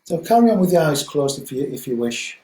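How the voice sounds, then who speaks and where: A man who teaches mindfulness, leading a guided meditation talk slowly and gently, with frequent ums. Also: fairly high pitch, big pitch swings, echoey room, low-quality recording.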